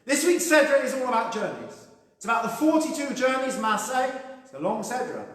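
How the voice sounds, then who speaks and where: A man delivers a sermon in a fairly high, conversational voice with a dry sense of humour. His words ring out through a hall with a long, echoing tail. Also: big pitch swings, fairly quick, fairly bright tone. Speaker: rabbi. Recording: echoey hall with long reverb.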